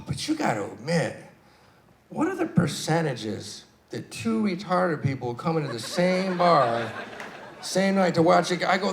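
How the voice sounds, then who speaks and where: A man doing a stand-up set, telling stories with swearing and sudden loud bursts. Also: a little high, very animated, normal speed, background noise. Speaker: stand-up comedian. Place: live comedy stage.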